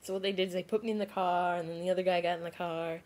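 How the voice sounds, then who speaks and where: A woman's voice: on the low side, racing. Rambling young woman telling a story. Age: young adult. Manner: rambling, animated retelling full of "like" and restarts. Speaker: vlogger. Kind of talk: casual storytelling vlog.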